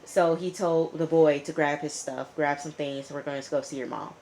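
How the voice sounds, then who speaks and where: Low-voiced chatty woman recapping a show. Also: steady tone, moderate pace, a little mellow. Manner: talks back to characters as she retells; chatty, lots of "you know" and "like". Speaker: TV reviewer. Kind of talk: casual episode recap.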